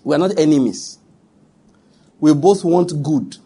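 Nigerian man, middle-aged, preaching, emphatic, husky, mellow tone, repeats himself for stress. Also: on the high side, expressive, measured pace. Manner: emphatic, repeats points, addresses audience directly. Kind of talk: sermon.

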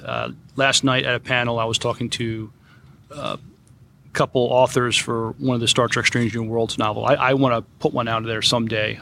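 Bright-voiced man podcaster. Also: mid-range voice, vocal fry, a little hiss or hum. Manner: relaxed and friendly, asks questions, laughs easily. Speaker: podcast host. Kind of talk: casual chat recorded live at a convention. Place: convention hall behind a curtain.

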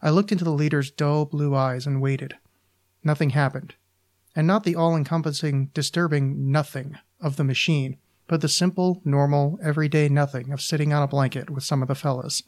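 A man, a podcast host, reading his own short story aloud in a deliberate, deadpan manner. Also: on the high side.

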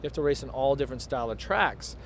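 A man's voice: mid-range voice, expressive, quick pace, slight background noise. A middle-aged man, a former motocross racer, rambling through stories in a casual interview outdoors at a race track. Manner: rambling, storytelling.

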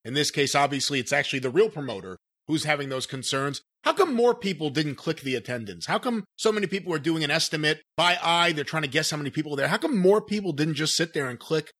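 Fast, bright-voiced male interviewer. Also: a little high, animated. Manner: probing, rapid questioning. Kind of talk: interview questions.

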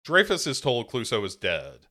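A man's voice: medium pitch, huge pitch swings, normal speed, sharp tone. A man in a casual film chat, filling in plot details and answering with short agreeing replies. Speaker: podcast co-host.

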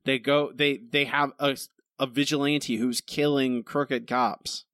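A man's voice: medium pitch, fairly even intonation, takes it slowly, a bit bright, no echo, clean studio sound. A man co-hosting a casual podcast, ranting about a comic book with exasperation and mocking quoted voices. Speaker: podcast co-host reviewing comics. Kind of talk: casual chat.

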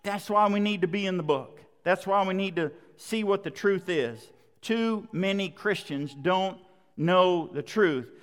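A man's voice: high-pitched, a little slow, smooth, in a large hall. A man preaching a sermon in an emphatic, repetitive cadence, speaking to a congregation.

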